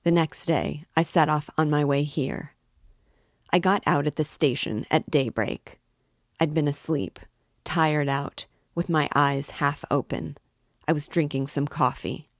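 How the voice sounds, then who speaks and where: A woman's voice: sits low, steady tone, unhurried, no echo, studio quality. A woman reading a novel aloud, voicing a sly, musing middle-aged landowner who talks in a rambling, confiding, oddly offhand way.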